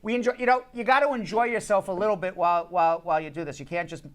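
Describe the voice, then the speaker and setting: Guy hosting a live call-in show, jokey banter with his cohosts, then earnest and repeats his pitch over and over. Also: steady tone, racing. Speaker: talk show host and immigration lawyer.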